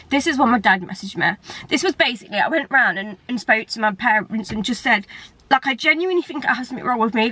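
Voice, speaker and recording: A woman's voice: high-pitched, bright, forceful tone, dry recording. A young English woman talking candidly to camera in a personal vlog, tearful and rambling. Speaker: vlogger.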